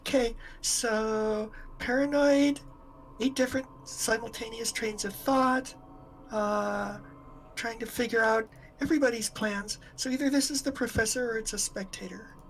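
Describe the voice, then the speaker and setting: A woman's voice: fairly high pitch, steady tone, unhurried, a little hiss or hum, poor audio. A woman playing a tabletop game, speaking plainly and matter-of-factly. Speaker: player.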